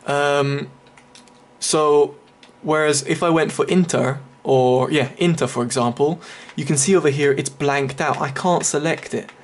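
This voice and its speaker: A man's voice: fairly high pitch, a little slow. A man giving casual, chatty commentary over a game walkthrough, explaining each step with many fillers. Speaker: gaming video creator.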